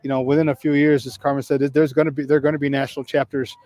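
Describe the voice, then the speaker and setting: A man's voice: mid-range voice, flat delivery, racing, a little mellow, no echo. A man co-hosting a live sports talk show, rambling with many restarts. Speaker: co-host. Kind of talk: live sports radio chat.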